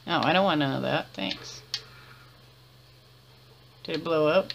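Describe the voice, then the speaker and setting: A woman's voice: sits low, a little slow, creaky, highs cut off, very noisy. A woman giving chatty let's-play commentary, laughing often and muttering to herself as she plays. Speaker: gamer.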